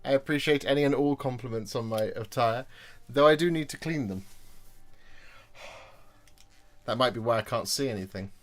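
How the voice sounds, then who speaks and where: Building models on a relaxed livestream, a man welcomes his viewers, reads their chat messages out loud and pokes fun at himself. He speaks at a normal speed in a mid-range voice, leaving long pauses.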